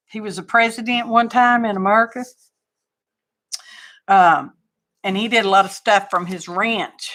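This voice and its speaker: A woman's voice: mid-range voice, sharp tone. A woman with a Texan accent, hosting a livestream and chatting casually in a rambling, folksy way. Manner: rambling, folksy storytelling with asides. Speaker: livestream crafting host.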